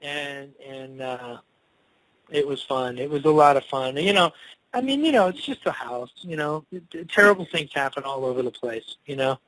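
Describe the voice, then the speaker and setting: A man telling a rambling, animated story in a casual interview, swearing freely along the way. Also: medium pitch, normal speed, no echo, rough recording. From Cleveland. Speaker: interviewed musician.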